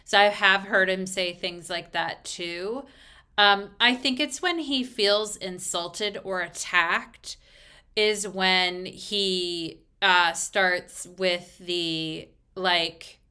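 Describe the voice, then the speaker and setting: A woman's voice: medium pitch, takes it slowly, pushed and bright, clear, resonant tone. A woman astrologer talking casually as she explains a chart, full of fillers and asides. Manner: chatty, frequent fillers, explaining step by step.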